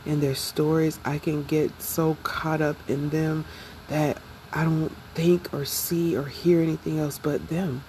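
A young adult woman speaking slowly and reflectively in an emotional, confessional personal vlog. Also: low-pitched, level tone, dark tone, a little hiss or hum, low-quality recording. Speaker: vlogger.

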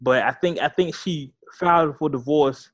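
A man's voice: a little high, normal speed, no room sound. A man co-hosting a podcast, chatting loosely and joking with slang. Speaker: podcast co-host. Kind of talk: casual chat.

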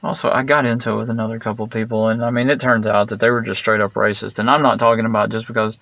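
Male vlogger, gravelly, dry close sound, rambling blunt monologue with fillers. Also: lowish voice, little pitch movement, very fast, a bit bright, no echo. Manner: meandering, digressive, many fillers and restarts; blunt and sarcastic.

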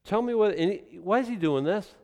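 A man's voice: high voice, animated, a little fast, dark tone. A male pastor preaching a sermon in a loose, conversational way, drifting into asides and acted-out scenes.

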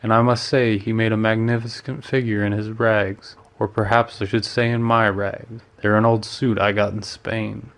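A man's voice: on the low side, flat delivery, moderate pace, few pauses, fairly bright tone. A man reading the part of a witty, worldly male painter who teases his friend and slips in French phrases. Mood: amused. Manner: breezy, teasing, lightly sprinkles French phrases.

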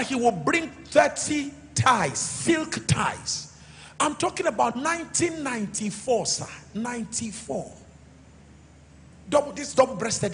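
High-pitched Nigerian preacher in echoing hall. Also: male voice, a little hiss or hum. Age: middle-aged. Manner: preaching with call-and-response, sudden shouts then soft asides. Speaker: pastor. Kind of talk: sermon.

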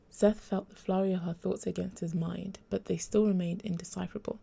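Gravelly, low-voiced woman narrating a story. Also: steady tone, fairly quick, hardly any pauses, warm tone. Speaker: author reading her own story. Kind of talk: audiobook narration.

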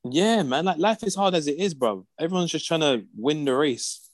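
A man's voice: on the high side, expressive, normal speed, dry recording. A young man, co-hosting a podcast in laid-back, slang-heavy banter and laughing often. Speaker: podcast co-host. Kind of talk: casual chat.

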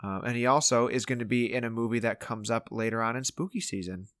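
Podcast co-host, male, mid-pitched and joking, on a dry close mic. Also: steady tone, a bit bright, dry recording. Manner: playful, jokey, does quick impressions. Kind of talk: casual podcast chat.

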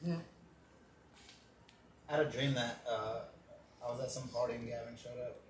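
A man's voice: mid-range voice, steady tone, moderate pace. A man cracking crude jokes in casual chat among friends. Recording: distant, echoey, noisy room.

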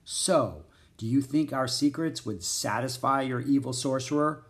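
A man's voice: medium pitch, measured pace, lightly acted. A man doing a jolly, exclaiming engineer. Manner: enthusiastic, exclamatory. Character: jolly male engineer host, eager and exclaiming.

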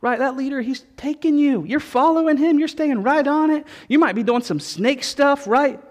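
A male pastor preaching a sermon, telling stories with repeated refrains in an animated way. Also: very high voice, normal speed. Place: church sanctuary. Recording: long reverb of a church hall.

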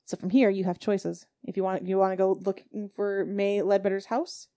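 A woman runs a tabletop game as its game master. Her voice sits at a middling pitch. She reads the scene steadily, with a few small stumbles. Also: level tone, normal speed, warm tone.

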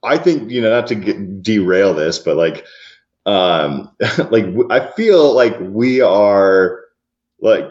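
West coast guy, low voice, rambly and giggly, kinda muffled lo-fi sound. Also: lively intonation, slow, darkish tone. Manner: rambling, laughs often, trails off. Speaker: podcast co-host. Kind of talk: casual chat.

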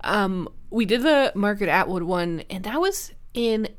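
A woman's voice: mid-range voice, animated, normal speed. A woman chats on a podcast in a loose, rambling way, packing her talk with fillers and little laughs. She teases herself as she tells a story and keeps her tone light. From Canada. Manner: chatty, giggly and self-mocking, with many fillers. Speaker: podcast co-host and book YouTuber. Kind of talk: casual chat.

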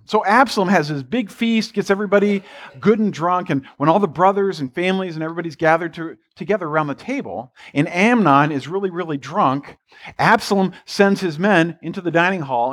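A man's voice: on the high side, animated, a little fast. A pastor preaching a sermon, retelling a story in a loose, conversational way and voicing the characters with "he's like".

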